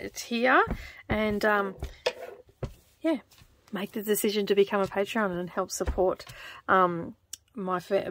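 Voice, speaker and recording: An Australian woman chatting casually as she stitches, rambling and laughing often, keeping her voice lowered toward a close microphone in her home craft studio. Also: a bit bright, no room sound. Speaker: craft vlogger. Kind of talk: casual chat while stitching. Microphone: close microphone in front of her.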